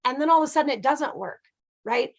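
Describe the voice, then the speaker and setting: High-voiced chatty woman teaching. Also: fast talker. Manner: chatty, animated storytelling with frequent "right?". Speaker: abundance teacher. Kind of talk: casual teaching talk.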